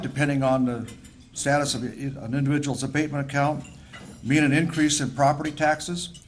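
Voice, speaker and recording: An older man delivering a formal annual address as mayor at a luncheon, speaking in a measured, deliberate way and repeating words for emphasis. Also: mid-range voice, a little hiss or hum. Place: luncheon banquet hall.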